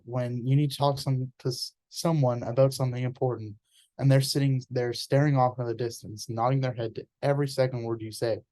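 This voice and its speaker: A man's voice: medium pitch, dark tone, dry recording. A man giving an informal explanatory presentation in an earnest, conversational way, often restarting words mid-sentence.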